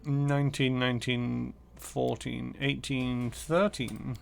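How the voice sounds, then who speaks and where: A man's voice: medium pitch, steady tone, slow pace, creaky, soft background music. A man streaming a game, muttering casually through menus and numbers. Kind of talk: casual gameplay commentary.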